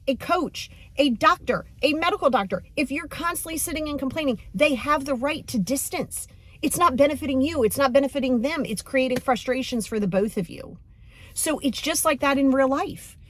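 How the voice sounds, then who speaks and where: A young adult woman hosts a casual motivational podcast as a coach, speaking bluntly and animatedly and acting out quoted voices while telling a story. Her voice is high, with no echo.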